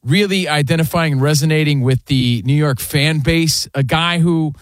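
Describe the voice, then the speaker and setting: A man hosting a sports talk radio show, talking fast and animated, throwing in casual asides like "man" and "dude". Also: a little high, no echo. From US East Coast. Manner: animated, rapid, says man and dude a lot. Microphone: studio microphone.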